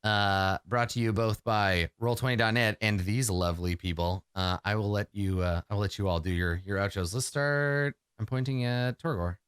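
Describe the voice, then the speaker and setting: A man's voice: lowish voice, normal speed, few pauses, a bit bright, clean tone, no room sound, clean studio sound. A man hosting a tabletop game show, chatting casually with many fillers and laughs. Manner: laughs often, hesitant with fillers. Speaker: game master and host. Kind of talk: casual podcast chat.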